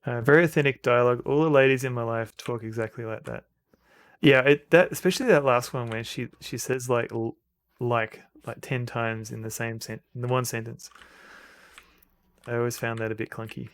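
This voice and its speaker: A man's voice: mid-range voice, fairly even intonation, moderate pace, dry recording, studio quality. A man streaming a retro game, chatting casually, rambling and restarting sentences, and reading game text aloud. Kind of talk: casual gameplay commentary.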